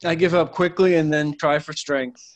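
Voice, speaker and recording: A man's voice: on the high side, fairly even intonation, normal speed. A man as a player in a tabletop game, stating his moves plainly. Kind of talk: casual tabletop play.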